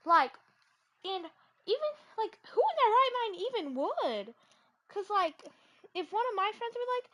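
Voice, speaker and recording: A woman's voice: extremely high pitch, sing-song, a little slow, long pauses, a bit bright. A woman vlogger ranting casually and animatedly, packing her talk with "like" fillers and exasperated asides.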